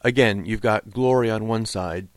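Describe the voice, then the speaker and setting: Male literature teacher, low-pitched, dry close sound, patient lecture style. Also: dry recording. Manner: explains patiently, slows right down to recite verse. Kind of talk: lecture on Old English verse.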